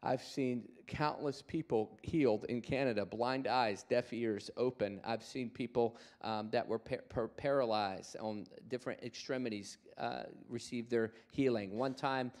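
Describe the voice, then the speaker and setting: A man's voice: medium pitch, unhurried, few pauses. A man preaching a sermon, telling stories with animation and calling on the congregation to respond. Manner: animated storytelling, acts out quoted voices. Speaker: guest preacher.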